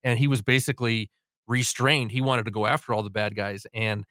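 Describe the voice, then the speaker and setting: Mid-pitched male radio co-host. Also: fairly even intonation, brisk, pushed and bright, dry recording, clean studio sound. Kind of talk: casual talk radio chat. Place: radio studio.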